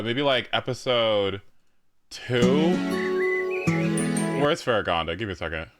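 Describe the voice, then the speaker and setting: A man streaming live, excitedly repeating himself as he searches for a clip. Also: lowish voice, smooth. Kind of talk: live reaction commentary.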